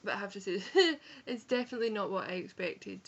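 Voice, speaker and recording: A woman's voice: medium pitch, quick pace, fairly bright tone, dull audio. Chatty Edinburgh-accented woman vlogger. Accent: Scottish, Edinburgh. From Scotland. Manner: chatty, frank, sprinkled with swearing and self-corrections. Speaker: book vlogger. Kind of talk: casual book review vlog. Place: home room on a rainy day.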